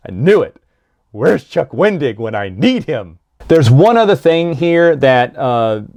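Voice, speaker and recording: A man's voice: mid-range voice, a little mellow, no room sound. Male host, casual book recap, enthusiastic, acts out quotes, dry close sound. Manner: enthusiastic, laughs at jokes, quick asides, acts out quotes. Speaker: book reviewer.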